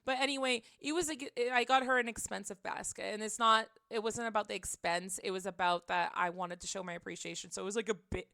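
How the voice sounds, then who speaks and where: A woman chatting on a home livestream, rambling and giggly, with many filler words and sudden excited reactions to her chat. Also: mid-range voice, fast talker, creaky, few pauses, dry recording, clean studio sound. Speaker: streamer.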